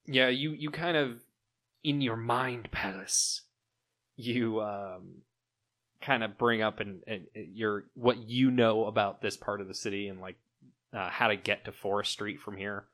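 A man narrating as game master of a tabletop role-playing game, relaxed and halting, with fillers and restarts. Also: lowish voice.

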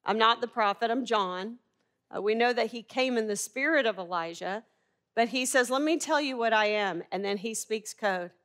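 A woman's voice: fairly high pitch, animated, moderate pace, fairly bright tone, smooth. A woman preaching a sermon in an emphatic way, asking her listeners rhetorical questions and reading scripture aloud.

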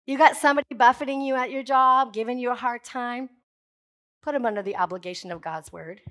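A woman pastor preaching a sermon to her congregation, emphatic and building to forceful declarations, with jokey asides. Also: fairly high pitch, brisk.

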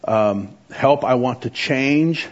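A man's voice: medium pitch, takes it slowly. A man teaching a lecture on biblical counseling, earnest and exhorting, with frequent filler words. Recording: muffled lo-fi recording.

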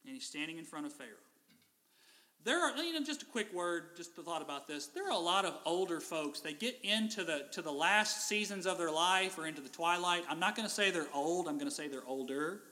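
A man preaching a sermon in an animated way, now and then acting out biblical figures in casual voices. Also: fairly high pitch, fairly quick, big-room sound. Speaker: pastor.

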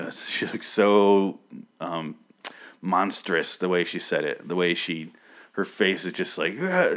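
Low-voiced man, crude rambling recap. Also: fairly bright tone. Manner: rambling, crude, sarcastic asides. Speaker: comic book recap host. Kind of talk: casual profane recap.

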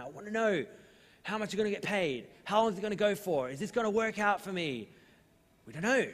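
A young adult man with an Australian accent, preaching a sermon as pastor in a relaxed, storytelling way with lively asides. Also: medium pitch. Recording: long hall reverb.

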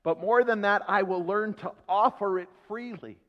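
A man preaching a sermon to his church, swinging between loud emphasis and hushed asides. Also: high voice, moderate pace. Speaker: pastor. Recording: long hall reverb, dull lo-fi sound.

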